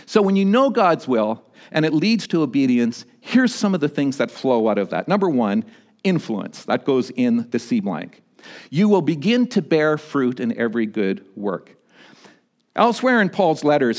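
A pastor delivering a sermon, swinging between emphatic high points and quieter, low-voiced storytelling. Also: male voice, measured pace. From Canada. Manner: animated preaching, rising to emphatic peaks and dropping low for stories.

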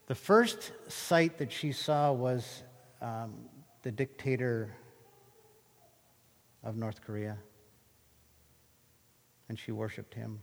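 A man preaching a sermon, telling Bible stories with animated, acted-out retellings of the scenes. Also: mid-range voice, slow, gravelly, pauses often, big-room sound. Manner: animated storytelling, acting out scripture scenes. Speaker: pastor.

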